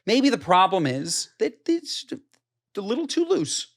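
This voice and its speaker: A man's voice: high voice, big pitch swings, unhurried. A man co-hosting a podcast, chatting casually and enthusiastically, often repeating short agreements. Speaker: podcast co-host. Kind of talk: casual chat.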